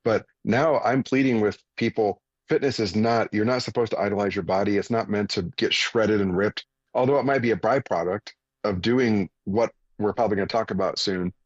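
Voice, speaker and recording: A man's voice: fairly low pitch, brisk, no room sound, lo-fi sound. A man in his forties, a radio guest telling a story in an earnest, plain-spoken way. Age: 40s. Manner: earnest, plain-spoken, animated when retelling. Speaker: radio guest, fitness coach. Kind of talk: conversational storytelling.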